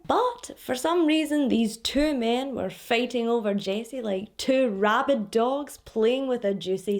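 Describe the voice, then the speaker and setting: A woman hosting a true crime podcast, telling the case with sarcastic asides and laughing at the messages she reads out. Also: a little high.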